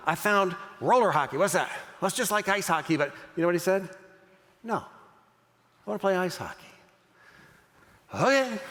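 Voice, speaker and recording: A middle-aged man giving a keynote talk, telling a family story and acting out the voices he quotes. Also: sits high. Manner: animated, acts out quoted voices. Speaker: motivational speaker. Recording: long hall reverb.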